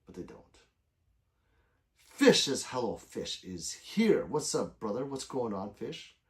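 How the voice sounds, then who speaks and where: A middle-aged man hosts a late-night livestream, chatting loosely with viewers at his desk mic and reading their messages aloud. His talk rambles and is peppered with swearing. His pitch swings widely, rising and dropping from phrase to phrase. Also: sing-song, takes it slowly. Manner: loose and rambling, swears often, answers chat by name. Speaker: livestream host reading chat.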